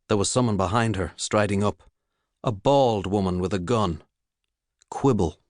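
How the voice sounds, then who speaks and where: In this scripted narration, a low-voiced man reads a novel aloud with steady, measured delivery as an audiobook narrator. The recording is dry and close, without room sound or echo.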